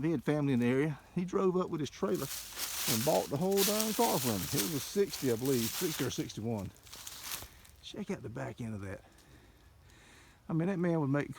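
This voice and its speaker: An older man, a car dealer, giving an excited, folksy walkaround and talking to viewers as folks, recorded on a handheld camera mic. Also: medium pitch, creaky, a little hiss or hum. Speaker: classic car dealer showing a car. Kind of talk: casual walkaround narration.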